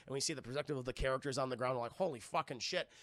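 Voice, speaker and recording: A young man livestreaming a casual, profane film recap, excitable and loudly acting out scenes. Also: medium pitch, rapid-fire, dry recording. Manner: excitable, profane, acts out scenes in loud yelps. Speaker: film reviewer streaming live.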